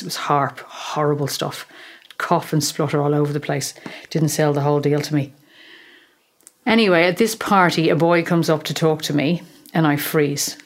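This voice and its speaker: A middle-aged Irish woman hosting a podcast, telling a personal story in a measured, gently humorous way. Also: low voice. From Ireland. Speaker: podcast host, therapist. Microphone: podcast microphone in a small room.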